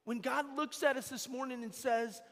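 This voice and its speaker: Male priest, sermon, very high voice, emphatic, repeats phrases, church echo. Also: fairly even intonation, normal speed. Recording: long echo of a church hall.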